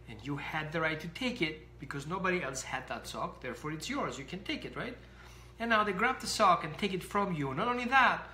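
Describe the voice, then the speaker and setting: A dog trainer giving an animated explanatory talk to camera, acting out little scenes. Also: medium pitch, roomy sound, a little hiss or hum.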